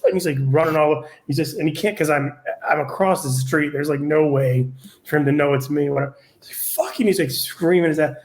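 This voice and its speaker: A man's voice: a little high, steady tone, a little fast. A middle-aged man, a comedian guest, telling a story in casual chat, rambling with lots of fillers and swearing. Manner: rambling, filler-heavy, profane.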